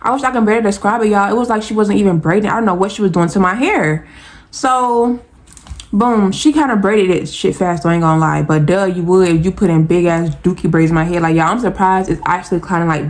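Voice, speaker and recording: Talking straight to the camera for her viewers, a young Southern woman with an Atlanta accent tells a casual storytime, animated and clearly exasperated. She speaks at a medium pitch.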